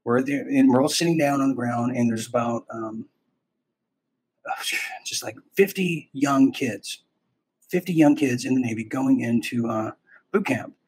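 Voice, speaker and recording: A man with a somewhat husky voice hosts a podcast, telling a long personal story in a loose, rambling way. He often restarts his sentences and acts out short bits of dialogue. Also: medium pitch, a little slow, a little mellow, rough recording. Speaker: podcast host. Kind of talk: casual storytelling.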